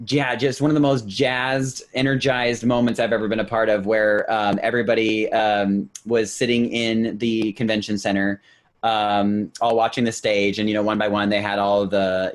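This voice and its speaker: A man on a casual podcast telling an excited story, full of fillers and acted-out reactions. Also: on the low side, moderate pace. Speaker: podcast host.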